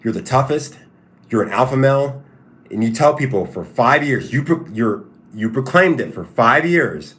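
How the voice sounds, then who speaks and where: A man's voice: mid-range voice, animated, normal speed, a bit bright. A man hosting a casual livestream who answers chat questions in a repetitive, stop-start, emphatic way. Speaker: livestream host and fighter.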